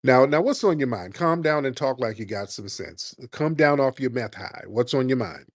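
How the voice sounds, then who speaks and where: A man hosting a live call-in comedy talk show, brash and mocking, roasting his callers with loud animated energy. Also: medium pitch, moderate pace, dry recording, clean studio sound. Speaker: radio show host.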